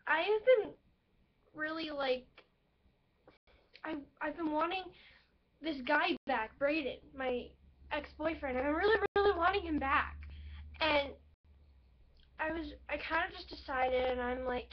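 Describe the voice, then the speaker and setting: Young female vlogger, high pitched, emotional rambling confessional, dull low-fi recording. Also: a little slow, long pauses. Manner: emotional, rambling storytelling with many fillers. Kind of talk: personal vlog talking to camera. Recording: dull lo-fi webcam audio.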